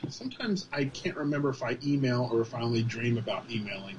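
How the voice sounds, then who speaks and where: A man's voice: medium pitch, animated, fast, lo-fi sound, slight background noise. A man chatting casually as a co-host, thoughtful and meandering. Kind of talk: casual chat.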